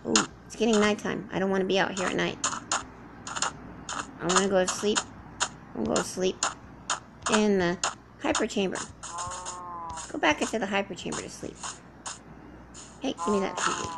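A woman's voice: mid-range voice, big pitch swings, moderate pace, gravelly, long pauses, noisy background. A woman doing in-character survival roleplay commentary while playing, rambling to herself and chatting to the animals around her. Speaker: game roleplayer.

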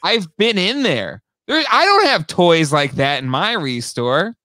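A man co-hosting a toy podcast in casual chat, excitable and quick to laugh. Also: high voice, no room sound, clean studio sound. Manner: excitable, animated, laughs often.

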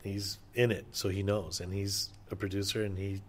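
A middle-aged man talks in a low voice with a relaxed, rambling delivery. He tells his session-drumming stories to an interviewer, loose and enthusiastic. He swears freely and leans on fillers as he goes. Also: normal speed, slight background noise. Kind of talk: casual interview storytelling.

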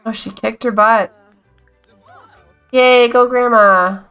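A woman's voice: a little high, steady tone, slow pace, a bit bright, clean tone, faint music behind. A young woman giving casual, amused commentary on a life-sim game, chatting to the characters on screen as she plays. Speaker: gaming YouTuber.

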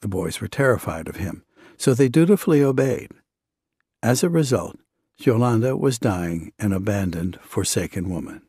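A man narrating a devotional book in the first person, with a measured, earnest reading. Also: on the low side, animated, darkish tone, slightly rough, no echo, studio quality. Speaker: audiobook narrator.

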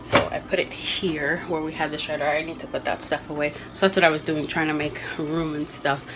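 Chatty young mother with a lower voice. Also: level tone, brisk, background noise. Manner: rambling, thinking aloud. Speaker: vlogger, mother. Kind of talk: casual home vlog chat. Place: home kitchen.

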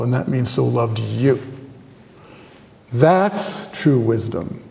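A man's voice: a little high, creaky, mellow, in a large hall. A man giving a university lecture as a guest theology professor, conversational and often asking the audience questions. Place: lecture hall with a live audience.

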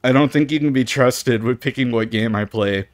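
A man's voice: medium pitch, moderate pace, no room sound. A man commenting casually while he plays a game, stammering, swearing and reacting with disgust. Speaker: streamer playing a game. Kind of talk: casual live gameplay commentary.

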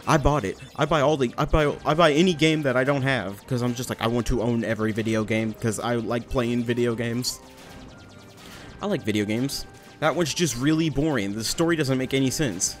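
A man's voice: mid-range voice, moderate pace, soft background music. Rambling young man joking over gameplay. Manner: rambling, joking, swears casually. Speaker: let's play commentator. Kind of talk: casual gameplay commentary.

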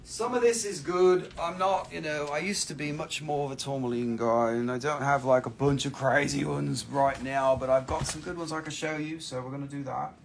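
A man's voice: a little high, steady tone, normal speed, vocal fry, few pauses, slight background noise. A man chatting casually and joking with viewers while selling mineral specimens on a livestream, swearing freely. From US East Coast. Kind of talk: casual live-sale chat.

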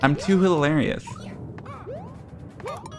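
Over music, a young gaming streamer with a voice on the high side and huge pitch swings talks slowly while playing a platform game. He offers sarcastic, self-mocking commentary, yelping and swearing at his fails.

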